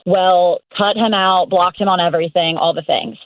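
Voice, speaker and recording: A woman in her thirties calling in to a talk show, telling a story with lively laughs. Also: lowish voice, moderate pace, dry recording. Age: 30s. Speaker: caller. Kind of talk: casual storytelling on a call-in show. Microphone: phone call. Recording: tinny phone line.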